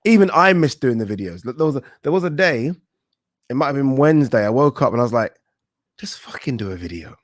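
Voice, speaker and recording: A man's voice: medium pitch, lively intonation, fast talker, dry recording, clean studio sound. A man hosting a boxing channel, chatting casually and joking as he reads out viewer comments. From England. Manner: laid-back, joking, swears casually. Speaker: boxing YouTube host.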